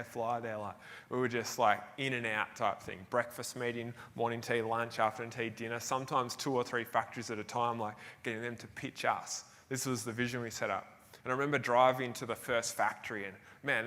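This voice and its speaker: A young Australian man from Tasmania, a keynote speaker on stage in a large hall, tells a self-deprecating story during a motivational talk. His medium-pitched voice is pushed and bright, and he laughs between phrases as the anecdote unfolds. The live hall adds long reverb.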